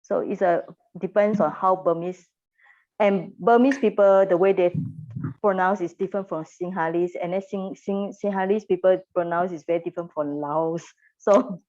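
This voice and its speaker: A woman's voice: fairly low pitch, fairly even intonation, moderate pace, darkish tone, muffled recording. A woman teacher, leading a classroom pronunciation lesson and patiently repeating sounds for her class to echo.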